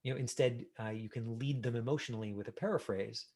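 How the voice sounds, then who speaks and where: A middle-aged man teaches an online acting class over a video call, speaking casually and animatedly with lots of fillers and lively examples. His voice is mid-range, and he talks fast.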